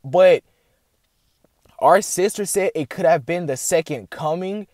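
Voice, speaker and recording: A young man talks casually to his viewers, rambling and filling his sentences with constant filler words. His voice sits a little high for a man, and the sound is dry and close with no room echo. He turns excited and animated as he retells the dream. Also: a little slow. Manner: rambling, heavy "like" filler, addresses "guys". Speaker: vlogger sharing a dream. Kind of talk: casual chat to camera.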